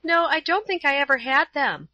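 A woman voicing a gentle, tender-hearted young schoolgirl in a storybook, with a soft, pleading manner. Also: high-pitched, animated, normal speed, no echo, highs cut off, pitched above the performer's own voice.

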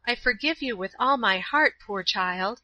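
A woman voicing a kindly young female schoolteacher, ill with fever, speaking gently and earnestly in a storybook reading. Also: mid-range voice, animated, moderate pace, dry recording. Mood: tender, concerned. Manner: gentle, motherly, softly earnest. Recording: slightly dull, dry recording.

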